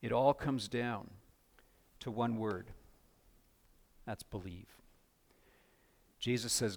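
A man's voice: fairly low pitch, takes it slowly, vocal fry, pauses often, a little mellow. Male pastor, earnest sermon delivery, swells to emphatic passages.

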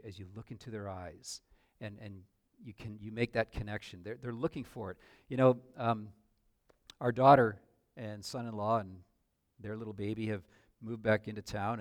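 An older man preaching a sermon as a pastor, earnest, with sudden swells and drops in loudness. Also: fairly low pitch, dry recording, studio quality.

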